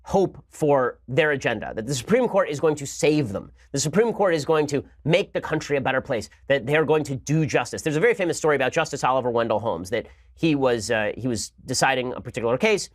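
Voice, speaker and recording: A man's voice: mid-range voice, lively intonation, no room sound, studio quality. A man hosting a show, delivering a sarcastic political commentary monologue. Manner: rapid-fire, sarcastic. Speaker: host.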